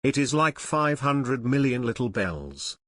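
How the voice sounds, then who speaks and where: A man's voice: mid-range voice, a little slow, dry recording, studio quality. Man reading a simple storybook. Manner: plain, even wording with short sentences. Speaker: audiobook narrator.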